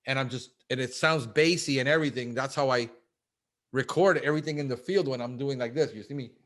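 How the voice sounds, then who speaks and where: A man talking casually in an interview, animated and fast, acting out little quotes and calling the host bro. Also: mid-range voice. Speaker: guest, pest control business owner.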